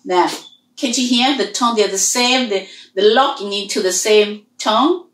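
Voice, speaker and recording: A woman's voice: medium pitch, measured pace, fairly bright tone. A woman whose first language is Hmong, teaching a language lesson and patiently repeating and drilling each sound. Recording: roomy echo.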